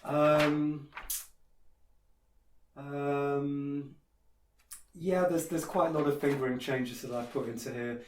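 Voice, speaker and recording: A man's voice: on the high side, fairly even intonation, takes it slowly, pauses often, slight background noise. A man teaching a piano piece in a casual tutorial, opinionated and hesitant, with many fillers and restarts. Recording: echoey room with piano playing.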